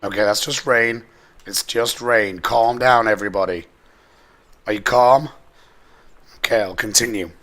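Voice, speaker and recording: A hoarse man whose voice keeps squeaking and giving out, chatting and joking as he plays through a story game. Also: fairly even intonation, measured pace, pauses often, a bit bright. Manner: jokey, chatty asides. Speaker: let's play host. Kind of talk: casual gameplay commentary.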